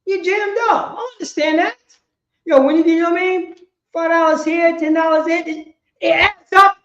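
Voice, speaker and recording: A woman leads a class in a high voice. She preaches emphatically and repeats herself, jumping between loud bursts and quiet asides. She sounds muffled and lo-fi, in an echoey room. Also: fairly even intonation, normal speed. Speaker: class teacher.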